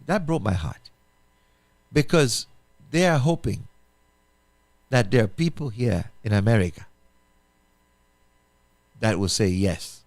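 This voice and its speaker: Animated man pleading earnestly. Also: lowish voice, takes it slowly, long pauses, no room sound. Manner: emphatic, repetitive, rhetorical questions, restarts. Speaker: pastor and radio show host. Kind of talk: impassioned appeal on a talk show.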